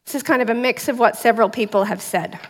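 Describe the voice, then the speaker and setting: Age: adult. Sex: woman. Role: church speaker. Pitch: fairly high. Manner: lively, quizzing the congregation. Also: fast. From outside the United States. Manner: lively, quizzes the audience with questions. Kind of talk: sermon.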